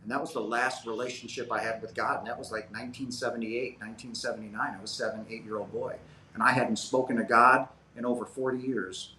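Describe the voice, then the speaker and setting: A man's voice: mid-range voice, fairly even intonation, fast talker, sharp tone, slight background noise. A man in his fifties, a guest telling a personal story in an interview, earnest and rambling with many fillers. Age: 50s. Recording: roomy echo.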